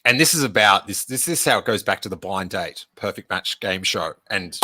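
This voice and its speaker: A man's voice: on the low side, animated, moderate pace, bright, forceful tone. A man, hosting a live stream Q&A and telling a rambling anecdote full of fillers. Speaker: podcast host.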